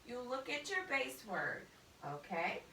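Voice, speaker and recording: A woman teaches a spelling lesson, spelling words out letter by letter. Her voice is highish and bright, and she speaks very slowly and carefully. She sounds set back from the mic in a roomy, echoing space. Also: very animated, slight background noise. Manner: slow, deliberate, spells out letters. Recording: echoey room, mic at a distance.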